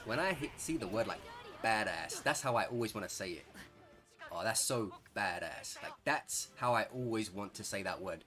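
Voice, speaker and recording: A young man with an English accent giving chatty, excitable gameplay commentary, rambling and correcting himself as he plays. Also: on the low side. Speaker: gaming streamer.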